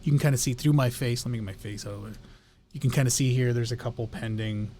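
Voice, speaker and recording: A man co-hosting a casual real estate market chat, easygoing and halting as he walks through the numbers. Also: medium pitch, mellow, slight background noise.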